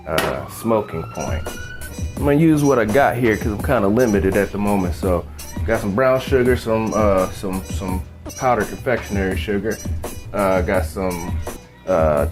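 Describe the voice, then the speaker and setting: A man at his home stove runs a casual cooking demo in a laid-back, profane way, wandering off into a joke as he goes. His pitch jumps around a great deal. Music plays clearly behind him. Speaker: cooking show host.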